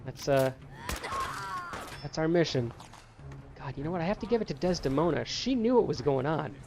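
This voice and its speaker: A man's voice: a little high, lively intonation, normal speed, noisy background. A man casually commenting on his own gameplay, playfully talking to the characters on screen like a parent sending children to bed. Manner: playful, talks to game characters like a scolding parent. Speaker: gameplay streamer. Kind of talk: casual let's-play commentary.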